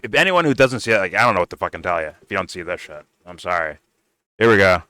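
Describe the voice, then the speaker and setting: A man giving casual, profane reaction commentary on video clips, excitable and laughing often. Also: low-pitched, quick pace, dry recording. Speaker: reaction streamer.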